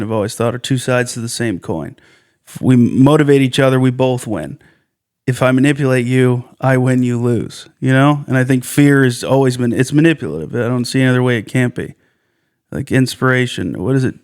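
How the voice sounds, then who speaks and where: Man, podcast co-host, smooth clear voice, reflective, storytelling. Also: mid-range voice, normal speed. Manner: reflective, storytelling, quotes others in animated voices. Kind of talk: casual podcast chat.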